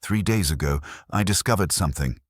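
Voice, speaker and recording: A man's voice: low voice, lively intonation, a little fast, dry recording, clean studio sound. A man voicing a nervous young lady's maid who speaks hesitantly and politely. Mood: anxious.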